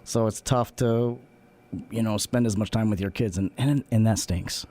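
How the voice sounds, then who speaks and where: A man's voice: fairly low pitch, moderate pace, dark tone. Earnest male radio co-host. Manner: earnest, repeats himself for emphasis, stumbles on words. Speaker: co-host of a community radio talk show. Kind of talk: casual radio chat.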